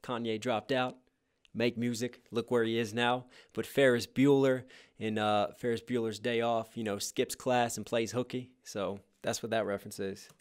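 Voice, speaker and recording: A man reacting to a rap song and breaking down its lines one by one, with sudden bursts of hype between calm explanations. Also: mid-range voice, normal speed, clear, resonant tone. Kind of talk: casual reaction and lyric breakdown. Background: hip hop track playing faintly.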